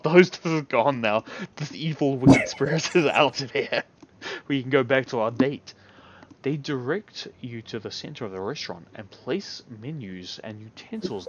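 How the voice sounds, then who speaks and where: A man's voice: medium pitch, highs cut off, slight background noise. A man streaming a visual novel, reading the narration aloud and cutting in with crude, sarcastic comments. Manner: crude, sarcastic, often laughing. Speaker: game streamer.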